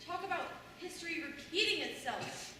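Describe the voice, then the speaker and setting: A woman's voice: extremely high pitch, lively intonation, normal speed. A young woman acting a wry, bitter middle-aged mother in a stage monologue, telling a story with sardonic humor and mimicking others. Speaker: student actor. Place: school stage in a large hall. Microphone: distant room mic. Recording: echoey hall from far off, faint noise.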